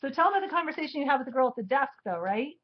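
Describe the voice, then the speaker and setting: A woman with a slightly high voice chats casually on a live stream and nudges her co-host to tell the story. The audio is dull and lo-fi. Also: big pitch swings, racing. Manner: chatty, prompting her co-host.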